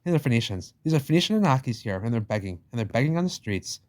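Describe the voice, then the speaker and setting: A man ranting his way through a picture book in a loose, slangy commentary. He is emphatic and repetitive, drops casual swears and talks straight to the listener. His voice sits at an ordinary middle pitch for a man. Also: sing-song, very fast, darkish tone. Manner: slangy, addresses listener as "baby". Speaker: channel host.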